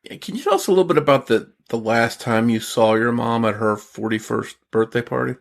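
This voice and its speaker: A man hosting a podcast, asking gentle, careful interview questions. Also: medium pitch, lively intonation, a little fast, creaky. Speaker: podcast host.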